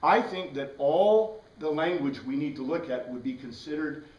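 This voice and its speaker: A man leads a Bible class in an easy, conversational way, tossing questions to his students as he goes. His voice sits a bit high. He is picked up from across an echoey room. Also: expressive, normal speed, darkish tone, far from the mic. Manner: conversational, asks the class questions, frequent "right?". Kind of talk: informal classroom lecture.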